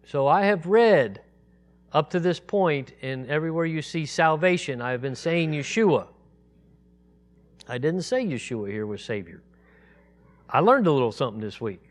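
A man teaching a Bible study, reading scripture aloud slowly and emphatically, then explaining it in a casual, conversational way. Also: on the high side, lively intonation. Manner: reads scripture aloud in a raised, slow, emphatic voice.

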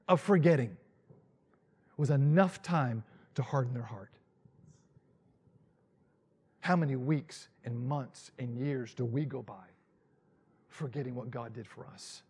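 A male pastor preaching a dramatic, animated sermon and acting out Bible scenes. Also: high-pitched, slightly rough.

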